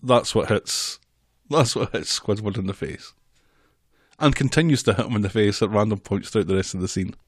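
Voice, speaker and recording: A man's voice: on the low side, normal speed, slightly rough, no echo, clean studio sound. A man co-hosting a casual podcast, wry and teasing, recapping a cartoon. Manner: wry, teasing, laughs often. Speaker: podcast co-host. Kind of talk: casual chat.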